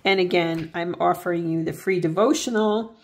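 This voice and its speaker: A woman's voice: on the low side, moderate pace, darkish tone. A woman vlogging about crafts and faith in a casual, earnest way, often restarting and correcting herself as she talks. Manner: heartfelt and earnest when speaking about faith. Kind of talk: casual crafting tutorial chat.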